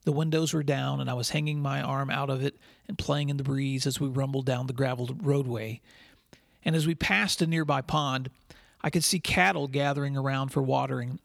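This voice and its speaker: A man hosting a podcast for school leaders, telling a story in an earnest, measured way. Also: medium pitch, fairly even intonation, gravelly, a bit bright, no echo, clean studio sound. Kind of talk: scripted podcast monologue with storytelling.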